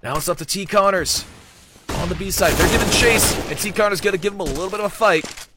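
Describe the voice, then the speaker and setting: A man giving live play-by-play esports commentary, energetic, joking and off-the-cuff. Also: high-pitched, fast talker, very noisy.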